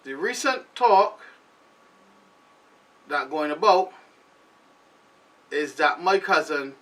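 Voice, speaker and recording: A man's voice: fairly high pitch, slow, distant mic. A man with a Barbadian accent, hosting a show in a loose, rambling casual commentary monologue. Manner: loose, rambling, animated delivery. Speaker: show host.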